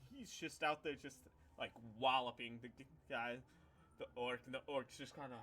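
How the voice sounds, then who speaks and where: A man's voice: medium pitch, fairly even intonation, moderate pace, pushed and bright. A man narrating a tabletop game as game master, telling it loosely with lots of fillers. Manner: loose, filler-heavy storytelling.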